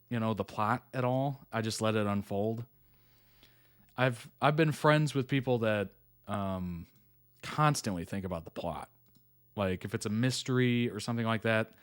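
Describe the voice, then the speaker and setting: A middle-aged man with a fairly low voice hosts a reaction channel, chatting easily and laughing often in casual commentary. He reads article text aloud plainly. The recording is dry with clean studio sound.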